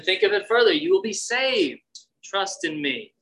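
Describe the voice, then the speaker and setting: A male pastor delivers a sermon in a bright, forward voice. He swings his pitch up and down to act out the people he quotes. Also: a little slow, low-quality recording. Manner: expressive, acts out quotes with shifting pitch.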